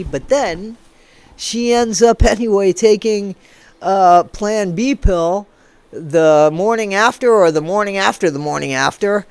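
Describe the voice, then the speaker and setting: A woman's voice: medium pitch, no echo. Woman rambling through gossip commentary, voice bouncing all over, dry close sound. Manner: playful, rambling, with sing-song asides and silly voices. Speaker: commentary vlogger.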